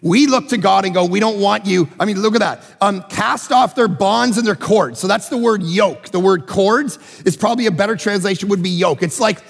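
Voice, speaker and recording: A man preaching a sermon as pastor, animated and acting out voices in his stories. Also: high voice, moderate pace, creaky, few pauses, slightly rough, soft background music. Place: church auditorium. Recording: large hall with long reverb.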